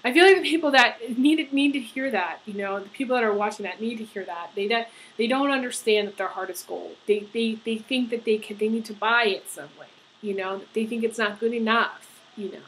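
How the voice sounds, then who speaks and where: Woman tarot reader, earnest and searching, bright, clear tone, faint hiss behind. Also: on the high side, poor audio. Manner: earnest, halting, many fillers and restarts. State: getting emotional. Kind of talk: tarot horoscope reading.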